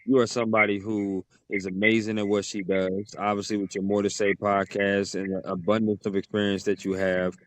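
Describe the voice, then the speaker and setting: Low-voiced enthusiastic podcast host, man. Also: flat delivery, a little fast, hardly any pauses, no room sound. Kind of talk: casual interview chat.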